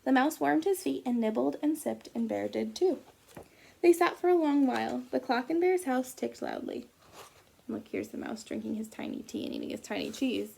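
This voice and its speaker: High, gravelly woman reading to children. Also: lively intonation, moderate pace. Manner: gentle, asks children questions as she reads. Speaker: teacher reading aloud. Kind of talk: picture-book read-aloud for children.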